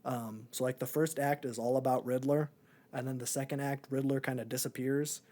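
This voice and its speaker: A young man co-hosting a podcast chats about a movie in a laid-back, rambling way, with lots of filler. His medium-pitched voice is flat, brisk, and dark-toned.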